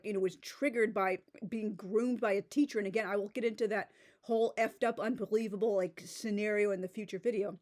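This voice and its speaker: A woman's voice: a little high, darkish tone. A woman giving a casual, sarcastic book review, reading out passages and mocking them, with many "like"s and restarts. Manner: sarcastic, filler-heavy with frequent "like" and restarts. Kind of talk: casual commentary video.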